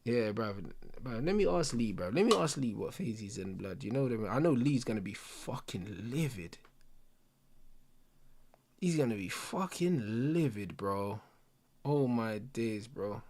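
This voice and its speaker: A man's voice: mid-range voice, animated, moderate pace, darkish tone. A young man hosting a football watch-along, ranting in casual slang and swearing freely. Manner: heated, slang-heavy, swearing, addresses viewers and mates.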